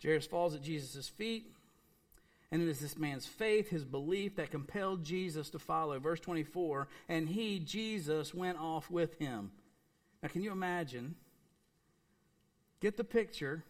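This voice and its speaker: A man with a fairly high voice preaches a sermon with earnest emphasis. He leans on repeated phrases, then drops to a hushed, quiet delivery to make a point. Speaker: pastor.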